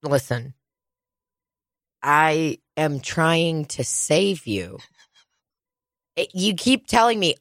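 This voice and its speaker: A woman with a lowish voice tells a story in a lively, profane way, sliding into gruff impressions of the people she talks about. Her voice is recorded close and dry, with no room sound around it. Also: drawn-out words, long pauses, no room sound. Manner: animated, swearing, mimics people in low voices. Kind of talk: casual chat, storytelling.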